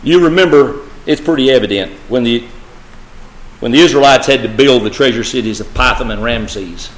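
A man with a mid-range voice preaches a sermon at normal speed, speaking emphatically and directly to the congregation while repeating key phrases. The recording has an echoey room sound.

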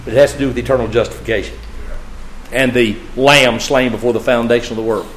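A man preaching a sermon, swinging from loud, emphatic peaks to low, hushed phrases. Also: fairly even intonation, fast talker, slight background noise, low-quality recording. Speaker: pastor.

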